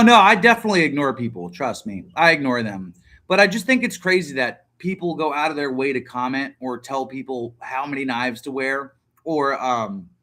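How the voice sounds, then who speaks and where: Bright-voiced, profane man in his thirties. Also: medium pitch. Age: 30s. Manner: profane, rambling and blunt. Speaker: livestream host. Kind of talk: casual livestream chat.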